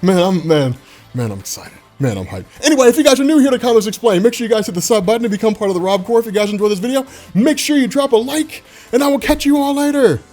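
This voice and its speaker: A man hosting a comic book channel, talking in excited, rambling casual commentary. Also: very high voice, rapid-fire, soft background music. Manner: hyped, rambling, full of "man" and "dude".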